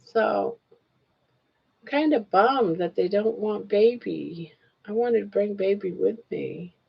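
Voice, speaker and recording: An older woman chats with her viewers from home during a livestream. She talks slowly with a gravelly edge and coos affectionately at her pets. The sound is dull and lo-fi. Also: medium pitch. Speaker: livestream host. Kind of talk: casual chat while crocheting on a livestream.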